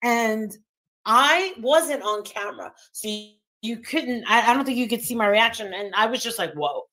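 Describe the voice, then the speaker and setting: A high-voiced woman hosts a livestream and rants in a heated, combative way. She swears constantly, talks over others and hammers her points home by repeating them. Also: moderate pace, pushed and bright. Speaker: livestream host.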